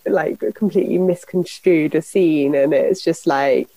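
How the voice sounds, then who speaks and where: A woman hosts a casual podcast interview, laughing easily and asking follow-up questions. Her voice is mellow and warm, and it is recorded close and dry. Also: low-pitched, a little slow, dry recording, poor audio. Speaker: podcast host.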